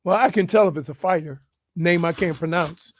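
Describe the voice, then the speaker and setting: A man's voice: on the high side, a little fast. A man co-hosting a morning sports radio show, teasing and laughing often.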